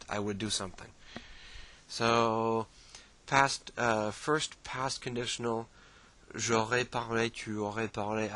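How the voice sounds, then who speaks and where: A man explaining things in a casual, relaxed screen-share tutorial, using many fillers and restarts. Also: fairly low pitch, low-quality recording. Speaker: language teacher.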